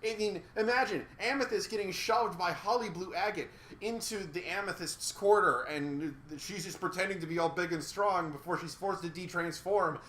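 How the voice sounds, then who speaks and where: A man rants through a casual review podcast in a high, bright, forceful voice. He is sarcastic and exasperated and swears freely, and the room around him echoes noticeably. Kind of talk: casual ranting review chat.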